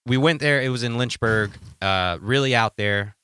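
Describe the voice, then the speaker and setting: A man's voice: mid-range voice, moderate pace, sharp tone, clear, resonant tone. A man co-hosting a podcast in casual chat, blunt and profane, making his points emphatically. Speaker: podcast co-host.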